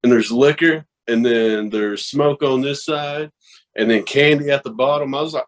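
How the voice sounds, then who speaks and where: A man from the American South telling stories in a casual podcast chat, animated and profane, laughing and acting out the voices of people he met. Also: a little high, moderate pace. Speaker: guest, horror host and wrestling promoter.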